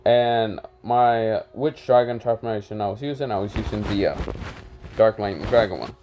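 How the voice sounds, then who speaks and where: A man's voice: on the low side, moderate pace, mellow, slight background noise. A man casually telling a made-up fan story, rambling with lots of fillers. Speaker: channel host telling a story.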